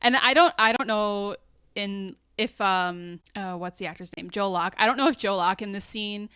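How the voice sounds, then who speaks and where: A woman's voice: medium pitch, normal speed, smooth, dry recording, studio quality. A woman co-hosting a podcast, recapping a TV episode in casual chat and acting out quoted lines with lots of laughter. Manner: animated, acts out quoted lines, laughs often. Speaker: podcast co-host.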